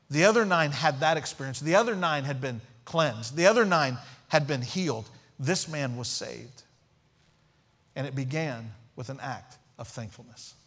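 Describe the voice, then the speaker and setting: A man's voice: mid-range voice, a bit bright, slightly rough. A man preaching a sermon as pastor, emphatic, repeating key phrases and asking rhetorical questions.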